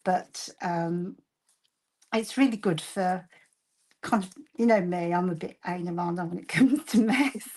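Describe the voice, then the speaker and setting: A woman with a Birmingham accent talks through a crafting demonstration in a loose, rambling way. Her speech is full of fillers and restarts as she shows products. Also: medium pitch. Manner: chatty and rambling, with frequent fillers and laughter. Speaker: co-host of a craft shop live show. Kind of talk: casual crafting chat with demonstration.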